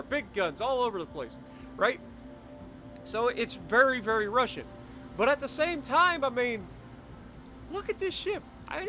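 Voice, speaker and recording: A man giving enthusiastic gameplay commentary for his channel, chatty and jokey. His voice is high and bright, with a lively, swinging delivery. Faint game music plays underneath. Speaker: gaming channel host.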